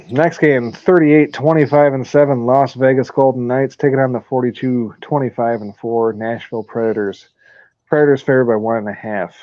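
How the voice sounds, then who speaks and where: A man hosts a sports picks podcast in loose, profane chat and laughs often while he tells stories. His voice is mellow and dark, and it sits in a dry, dull lo-fi recording. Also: medium pitch, fairly even intonation, moderate pace, no room sound. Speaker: podcast host running weekly picks. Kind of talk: casual chat. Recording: dull lo-fi audio.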